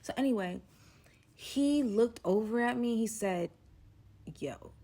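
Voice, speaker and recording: A young woman telling a wild personal story in casual storytime style, slangy and dramatic, dropping to a hush and then rising again. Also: on the high side, a little slow. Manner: dramatic and slangy, swings from hushed to loud.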